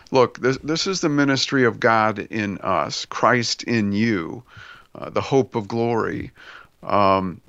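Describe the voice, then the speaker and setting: Gravelly low-voiced man musing on faith. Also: fairly bright tone, no echo. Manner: reflective, searching, repeats words as he thinks. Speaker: podcast co-host. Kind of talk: casual faith discussion. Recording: dull lo-fi dry sound.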